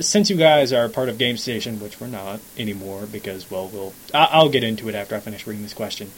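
A man's voice: medium pitch, a little hiss or hum, low-quality recording. Rambling young man with hiccups. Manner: laughing, rambling, jaded. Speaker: podcast co-host. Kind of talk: casual chat.

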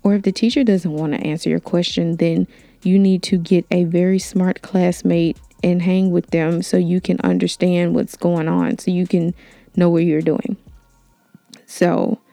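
A young woman hosting a podcast, telling a story in a casual, animated way with lots of fillers. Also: lowish voice, unhurried, gravelly, no room sound. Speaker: podcast host. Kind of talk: storytime monologue.

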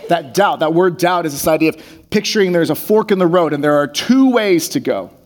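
A man delivering a sermon in a relaxed, conversational way, in a voice pitched a little higher than most men's. He reads passages of scripture aloud, then unpacks them in everyday words. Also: a little fast, soft background music. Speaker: pastor.

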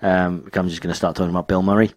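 A man with a lowish voice co-hosts a casual podcast, bantering in a dry, wry way. The recording is dry and close, with no room echo. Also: level tone, very fast. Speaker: podcast co-host. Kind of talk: casual chat.

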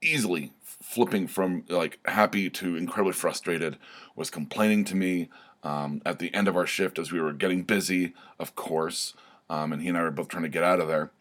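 A man with a very low, deep voice talks through a casual solo podcast update. He rambles, circles back and fills gaps with ums and you-knows, keeping an easygoing, chatty flow. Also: normal speed, fairly bright tone. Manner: rambling, many fillers and restarts. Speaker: podcast host.

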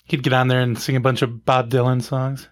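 A man's voice: medium pitch, flat delivery, brisk. A man co-hosting a podcast in casual comedic chat, laughing often and playing along.

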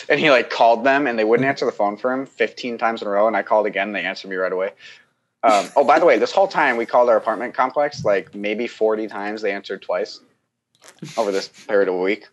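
A young man with a fairly low voice tells a long, winding story in casual conversation. He keeps restarting sentences and slips into quick impressions of the people involved. He laughs often along the way. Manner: rambling, animated, acts out the people he quotes, laughs often. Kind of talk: casual chat.

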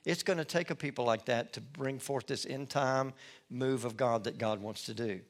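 A middle-aged male pastor preaching a sermon in an expressive storytelling manner. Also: medium pitch, moderate pace. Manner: expressive, storytelling, acts out scenes. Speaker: lead pastor.

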